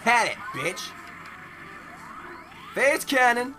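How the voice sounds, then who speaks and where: Shouty, high-voiced man trash-talking over a game. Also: very animated, drawn-out words. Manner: loud trash-talking, frequent shouting and swearing. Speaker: let's play host. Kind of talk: casual gameplay banter. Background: game music.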